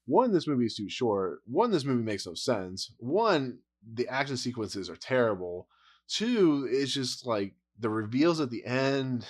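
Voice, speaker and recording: A man's voice: mid-range voice, big pitch swings, measured pace. A man giving a casual, blunt movie review rant, exasperated and rambling, with frequent laughs.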